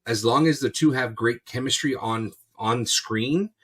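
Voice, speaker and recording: A man's voice: medium pitch, measured pace, a bit bright, husky. A man co-hosting a podcast in casual, rambling chat, swearing freely. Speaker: podcast co-host.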